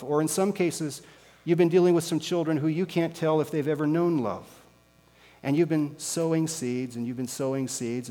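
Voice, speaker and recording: A male pastor preaching a sermon with slow, emphatic rhetorical questions. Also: on the high side, a little mellow. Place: church sanctuary. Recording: long reverb with mains hum.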